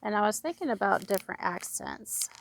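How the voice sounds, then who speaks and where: A woman's voice: mid-range voice, animated, brisk, gravelly, slight background noise. A woman in her fifties from Oregon with a West Coast accent, chatting to herself and viewers while planting her garden outdoors. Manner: chatty, self-talking, laughs often. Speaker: home gardener. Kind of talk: casual gardening vlog.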